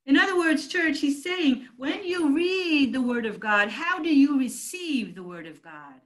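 A woman's voice: sits high, lively intonation, measured pace, a bit bright, rough recording. A woman pastor preaching a sermon, emphatic and calling out to her congregation. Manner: emphatic preaching, calls out to the church.

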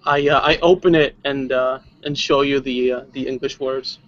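A man's voice: mid-range voice, steady tone, normal speed, a bit bright, no echo. A man playing a tabletop game who describes his actions in a hesitant, stumbling way. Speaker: player. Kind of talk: casual tabletop play. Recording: dull lo-fi recording.

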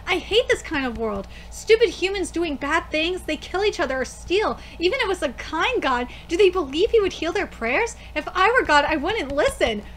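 A woman's voice: extremely high pitch, very animated, moderate pace, hardly any pauses, fairly bright tone, exaggerated voice. A woman reading as a scolding young priestess. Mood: bitter. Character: upset young priestess girl, scolding and bitter.

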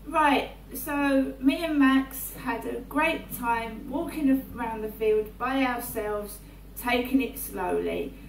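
Woman, slow deliberate talk, raised pitch, echoey room, far from the mic, faint hum. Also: vocal fry. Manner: repetitive, often checks in with "right?". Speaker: vlogger. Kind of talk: rambling personal monologue. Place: indoors in her flat.

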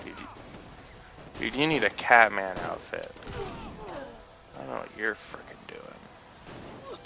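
A young let's play gamer goofs around and trash-talks game characters in casual commentary, with game music and gunfire in the background. His fairly low, gravelly voice swings hugely in pitch, and he speaks slowly with frequent pauses.

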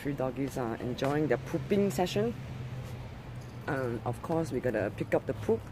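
A Singaporean English-accented livestreamer walks a night-time park playground with a handheld camera, shouting excitedly to their dogs in a high voice before lowering it for quiet remarks to viewers. The pace is normal and the background is noisy.

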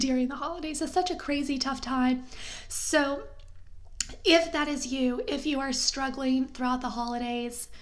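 A young woman vlogger speaking heartfelt and reassuring words straight to her viewers, getting emotional at times. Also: high-pitched. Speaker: lifestyle vlogger. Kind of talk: heartfelt talk to camera.

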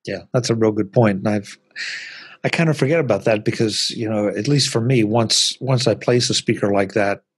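A man's voice: lowish voice, husky, dry recording, studio quality. A man hosting a podcast, chatting casually about tech and often repeating words as he starts a thought. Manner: conversational, repeats words when starting sentences. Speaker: podcast host.

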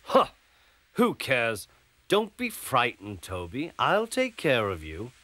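A man's voice: medium pitch, wildly swooping pitch, takes it slowly, bright, forceful tone, full character voice, rough recording. A man voicing a cheeky, impatient male tank engine with a bossy manner.

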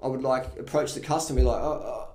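A man giving casual, blunt and profane advice, telling animated stories about his own past. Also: mid-range voice, quick pace. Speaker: vlogger. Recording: roomy echo.

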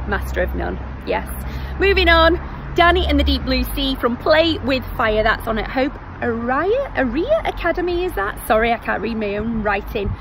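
Her voice is high, sing-song and creaky, at a normal pace, carrying a Northern English accent from North West England. As a theatre vlogger, she casually suggests shows and adds self-deprecating remarks, filming on an arm's-length phone outdoors beside a road full of traffic.

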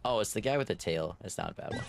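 Excitable man streaming a game, lively pitch. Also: quick pace, a little hiss or hum. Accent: Texan. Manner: excitable, reads out viewer names and thanks them. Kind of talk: casual gaming stream chat.

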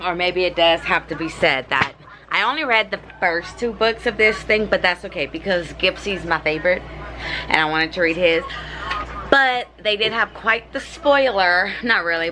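A woman's voice: lowish voice, background noise. A young adult woman chatting casually about a book she is reading, gushing and playful. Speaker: book vlogger. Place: home, indoors.

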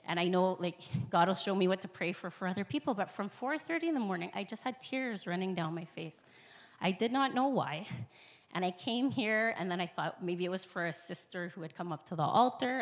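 A woman's voice: mid-range voice, fairly bright tone. Earnest woman giving church testimony. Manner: earnest, emotional, rambling with quick bursts. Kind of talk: personal testimony before a congregation. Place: church sanctuary, speaking at the front.

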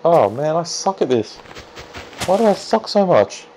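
A male gamer talks over his own play session, unhurried, mocking himself and chatting along as he goes. His voice is very animated, swinging from low mutters up into excited high yelps. Faint noise sits behind him. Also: low-quality recording. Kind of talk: casual gameplay commentary.

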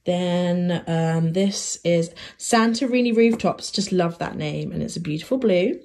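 A woman's voice: lowish voice, unhurried, darkish tone. A young woman, chatting casually to camera in a vlog, rambling with lots of fillers and little giggles. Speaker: vlogger.

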